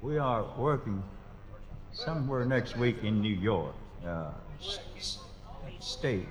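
A man's voice: medium pitch, sing-song, slow pace. A man serving as bandleader, with rambling, folksy, self-deprecating stage banter. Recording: echoey live hall with crowd noise.

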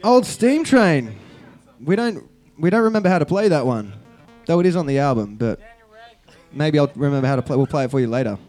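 Laid-back Australian bloke, mid-pitched, stage banter with faint guitar behind. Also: male voice, lively intonation, fast, mellow. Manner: laid-back, joking, laughs often. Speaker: band member. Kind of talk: stage banter between songs. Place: festival stage.

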